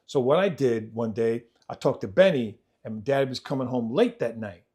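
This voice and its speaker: Man retelling a hard childhood story. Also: normal speed. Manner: vivid, repetitive retelling that acts out family members' voices; swings between loud, animated stretches and quiet, low passages. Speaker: podcast host telling his life story. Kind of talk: personal storytelling in conversation.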